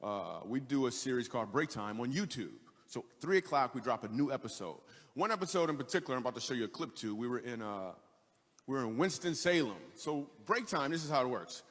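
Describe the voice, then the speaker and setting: A man of middle pitch talking casually, with loose fillers here and there. His voice carries a long hall reverb, as in a video clip recorded in a large space. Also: big pitch swings, fairly quick, a bit bright. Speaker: stand-up comedian. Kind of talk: casual speech in a played video.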